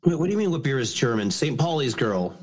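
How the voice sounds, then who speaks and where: A man co-hosting a podcast, trading quick wisecracks in casual chat. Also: mid-range voice, big pitch swings. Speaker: podcast co-host.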